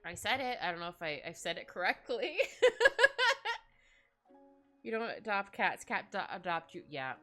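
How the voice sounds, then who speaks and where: Woman, rambling and giggly, bright tone, casual chat while drawing. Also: lowish voice, animated, fairly quick, hardly any pauses. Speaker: art streamer. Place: home streaming setup. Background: faint background music.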